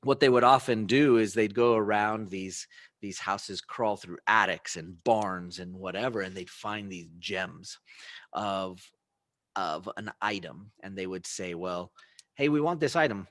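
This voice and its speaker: A man with a somewhat low voice talks casually to his listeners as a show host. He tells a story in a loose, chatty way. He slips into the voices of buyers and sellers as they haggle. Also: unhurried, no echo. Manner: animated storytelling, acts out buyer and seller dialogue; frequent fillers and restarts, conversational asides. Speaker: podcast host. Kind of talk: casual solo talk.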